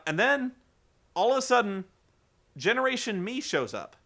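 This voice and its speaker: A man recapping a wrestling show for comedy, rambling and incredulous, swearing and acting out the quotes loudly. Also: high voice, very animated, normal speed.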